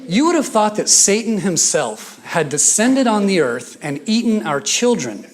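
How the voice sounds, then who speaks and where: A man with a Scottish accent preaching a sermon, mixing scripture with humorous stories and hushed asides. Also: sits high, very animated, measured pace. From Scotland. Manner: storytelling with humor, drops to a whisper for emphasis.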